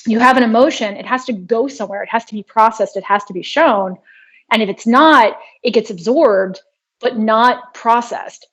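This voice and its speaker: Woman guest on a podcast, earnest and steady, bit high pitched, kinda muffled audio. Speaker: guest, trauma healing practitioner. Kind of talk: interview conversation, explaining and telling a personal story. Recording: dull lo-fi sound.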